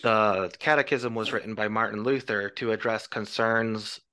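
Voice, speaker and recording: Bright-voiced man explaining apologetics. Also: fairly low pitch, fairly even intonation, clean tone. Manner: explanatory, measured, lecturing. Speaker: Christian apologist guest. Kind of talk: casual podcast discussion.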